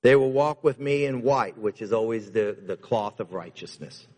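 A man preaching a sermon as pastor, emphatic, repeating key lines and moving between loud and hushed delivery. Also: lowish voice, moderate pace, hardly any pauses. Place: church. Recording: long reverb of a church hall.

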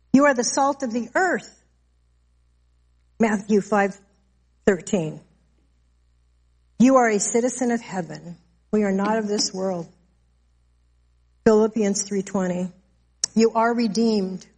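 A woman's voice: mid-range voice, darkish tone. Earnest woman preaching a sermon. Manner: earnest, slow and emphatic when declaring scripture.

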